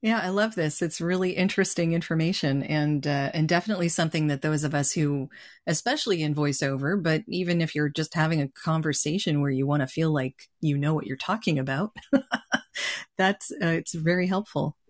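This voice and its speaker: A woman's voice: sits low, fairly quick. A woman hosting a podcast, moving from a scripted intro to a friendly, curious interview. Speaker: podcast host.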